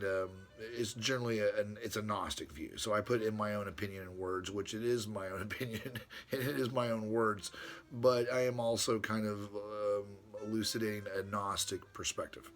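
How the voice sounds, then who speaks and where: Man with a lowish voice, host reading his own letter aloud, halting delivery with plenty of restarts and asides. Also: fairly bright tone. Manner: hesitant, many restarts and fillers; chuckles to himself between passages. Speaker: channel host.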